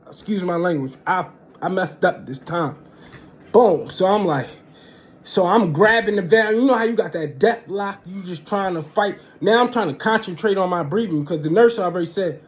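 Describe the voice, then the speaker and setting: Animated and slangy, a young man spins a laid-back storytime tale, dropping "boom" and "bang" throughout.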